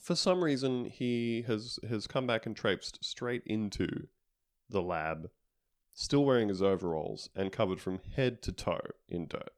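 A man with a fairly low voice chats casually through a comedic episode recap. He rambles, restarts, and peppers it with jokes and filler words. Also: unhurried. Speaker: podcast co-host recapping a TV episode.

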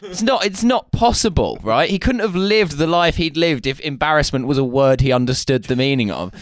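A man's voice: a little high, expressive, brisk. A man co-hosting a casual podcast chat, making sardonic jokes. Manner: sardonic, joking. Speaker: podcast co-host.

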